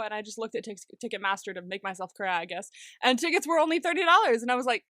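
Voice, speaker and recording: Bright, excitable young woman podcaster. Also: medium pitch, brisk, dry recording, studio quality. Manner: excitable, swears freely, laughs often. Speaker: podcast co-host. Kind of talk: casual chat.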